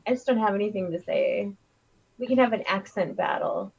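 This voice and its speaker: A woman's voice: medium pitch, brisk, darkish tone. A woman co-hosting a casual livestream chat, rambling and giggly as she riffs on ideas. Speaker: co-host. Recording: dull lo-fi stream audio.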